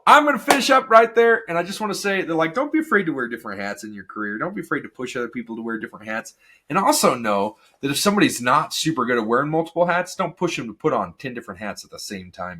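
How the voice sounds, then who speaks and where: A man's voice: mid-range voice, a bit bright, slightly rough. A man hosting a solo podcast, talking energetically and rambling off on tangents. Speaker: podcast host.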